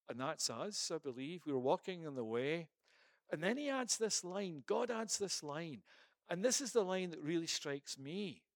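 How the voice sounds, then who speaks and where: A man preaching a sermon with fervent intensity, swinging from loud appeals to hushed reflection and stumbling now and then over verse numbers. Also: fairly high pitch, sing-song, a little slow, no echo, clean studio sound.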